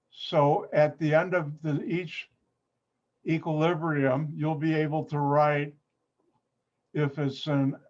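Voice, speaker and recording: A man teaching an online chemistry lab, unhurried and breaking his sentences up with pauses. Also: a little high, a little mellow. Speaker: chemistry instructor. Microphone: computer mic on a video call. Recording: dull, muffled video-call audio.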